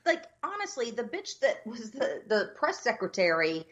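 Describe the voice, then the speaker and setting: A woman's voice: a little high, very animated, moderate pace, a bit bright, muffled recording. A woman co-hosting a podcast, ranting in casual chat and swearing freely. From United States. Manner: profane, ranting. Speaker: podcast co-host.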